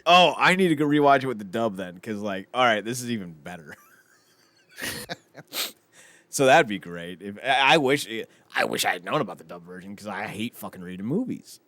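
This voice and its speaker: A man co-hosting a podcast in casual chat, animated and profane, often laughing as he talks. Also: lowish voice, normal speed, dry recording. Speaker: podcast co-host.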